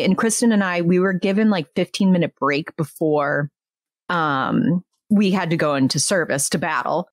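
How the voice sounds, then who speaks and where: A woman in her thirties, a podcast host, telling a story in lively casual chat and laughing often. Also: fairly low pitch, moderate pace, no echo.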